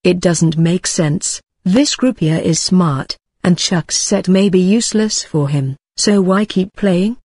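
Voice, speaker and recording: A woman reading a calm, offhand young man. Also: fairly low pitch, takes it slowly, few pauses, slightly rough, dry recording, clean studio sound.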